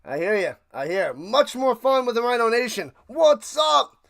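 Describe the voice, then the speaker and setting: Gravelly high-voiced ranting man. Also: animated, moderate pace, a bit bright, a little hiss or hum. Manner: ranting, sarcastic, talks to chat. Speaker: streamer hosting a game watch party. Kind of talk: live play-by-play and casual rant.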